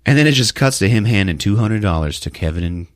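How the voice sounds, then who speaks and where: A man hosting a podcast, recapping a film in a jokey, animated storytelling manner. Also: fairly low pitch, quick pace, no echo, studio quality. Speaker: podcast host. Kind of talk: casual movie recap.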